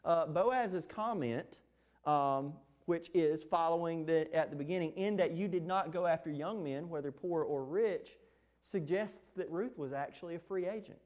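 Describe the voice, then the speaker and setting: A man preaching a sermon, lively and animated, acting out the words of the text. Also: normal speed. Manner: animated, acts out scripture quotes with rising pitch.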